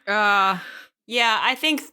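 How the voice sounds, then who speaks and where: A woman's voice: mid-range voice, slow pace, bright, forceful tone, clear, resonant tone. A woman taking part in a tabletop game, playful and joking. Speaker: player.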